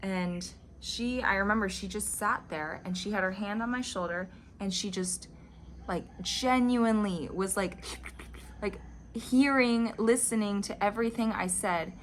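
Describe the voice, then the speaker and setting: A woman's voice: mid-range voice, a little slow, slight background noise. A woman vlogger discussing spiritual teachings, telling a personal story in a casual, chatty way, full of "like" fillers. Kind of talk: casual reflective monologue.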